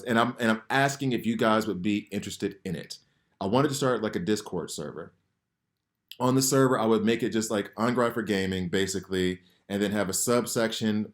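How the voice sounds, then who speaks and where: A man hosting a gaming channel, talking in an earnest, rambling way with many fillers and restarts as he gives a heartfelt personal message, emotional at times. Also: lowish voice. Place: home, sirens heard outside.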